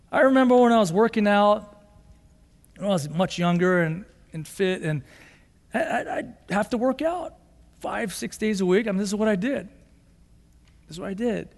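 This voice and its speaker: A male pastor with a high voice gives a conversational sermon in a church, acting out little exchanges and repeating key lines for emphasis. His voice rings with a long hall reverb. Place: church sanctuary.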